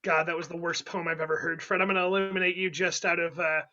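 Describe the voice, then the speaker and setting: A man hosting an online improv comedy game, playful and quick, with laughing asides. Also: on the high side, level tone, sharp tone, lo-fi sound.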